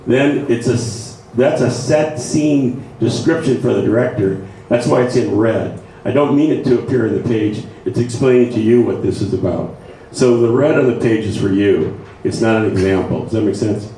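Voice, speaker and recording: This man's voice is lowish and dark, moving at a moderate pace with few pauses as he gives a conversational lecture to a writing group. He checks in with listeners often; the far-off mic picks up an echoey room and faint noise.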